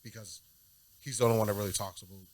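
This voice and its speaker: A man co-hosting a casual music review podcast, relaxed, often checking in with "you know what I mean?". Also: on the low side, quick pace, crowd noise. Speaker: podcast co-host.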